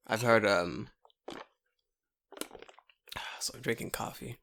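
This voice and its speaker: A man's voice: lowish voice, takes it slowly, vocal fry. A man co-hosting a podcast, telling stories in casual, profane chat and acting out the voices. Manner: animated, swears a lot, acts out voices. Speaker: podcast co-host.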